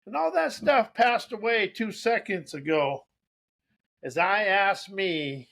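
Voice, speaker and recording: High-voiced guy preaching slow about spiritual stuff, keeps repeating himself and restarting lines. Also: gravelly, a bit bright. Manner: preachy, repeats key phrases, trails off and restarts. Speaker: motivational speaker. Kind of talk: rambling spiritual monologue.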